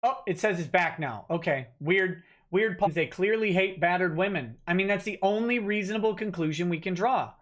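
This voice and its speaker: With a high-pitched voice at a moderate pace and few pauses, a man reads donor messages aloud during his livestream. His casual replies come off the cuff, peppered with fillers and restarts.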